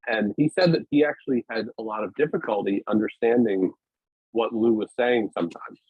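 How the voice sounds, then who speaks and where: On a video call, a man who founded a weightlifting media company speaks as a podcast guest in a casual interview, rambling and hesitating with frequent restarts. His voice is fairly low, husky, and fairly quick. The audio is dry and tinny, like a phone call.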